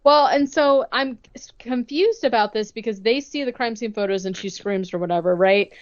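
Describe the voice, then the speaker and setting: A woman co-hosting a podcast, recapping a movie plot in a casual, chatty way and acting out the characters' lines in quick bursts. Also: on the high side, dull audio. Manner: chatty, retells scenes with quick acted-out quotes. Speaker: podcast co-host.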